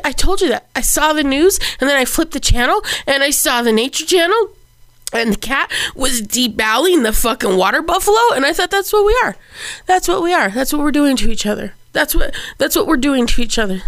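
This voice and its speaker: On a podcast, a female co-host with a higher-pitched, fairly bright voice chats casually but is clearly upset. She vents with strong emotion and swears freely. The recording is close and dry, without any room echo.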